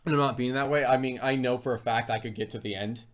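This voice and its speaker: A man's voice: medium pitch, fairly even intonation, fast. A young adult man co-hosting a casual food review livestream, telling rambling, self-deprecating stories with lots of fillers. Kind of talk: casual live-stream chat.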